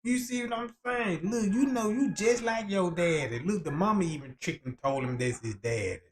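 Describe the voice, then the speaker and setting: A man with a high voice talks at normal speed on a casual livestream, with slight background noise. He tells crude, profane stories in slang, acts out the quotes, and keeps asking if you know what he's talking about.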